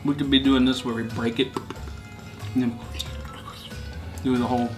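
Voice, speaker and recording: A man's voice: medium pitch, level tone, normal speed, music in the background. A man co-hosting a family vlog, chatting playfully about candy and laughing often. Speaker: vlog co-host. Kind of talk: casual candy-tasting chat.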